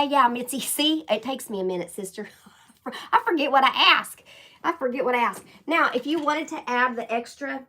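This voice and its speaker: A middle-aged woman from Oklahoma with a light Oklahoma twang, chatting folksily with her viewers as she shows a craft project and thinks out loud. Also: a little high. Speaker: crafting livestream host. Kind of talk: casual craft tutorial chat.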